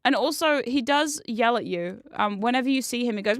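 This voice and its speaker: A woman's voice: a little high, moderate pace, hardly any pauses, fairly bright tone, dry recording, faint music behind. A woman streamer chatting casually while gaming, swearing freely and laughing often at a desk microphone.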